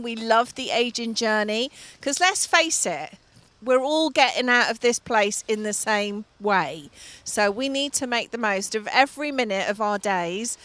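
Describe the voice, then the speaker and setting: A middle-aged woman co-hosting a studio chat show, telling stories in a lively way and laughing often. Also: a little high, dry recording. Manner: lively storyteller, laughs often, acts out voices. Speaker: TV show co-host and fitness business owner. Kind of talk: chatty anecdote on a studio show.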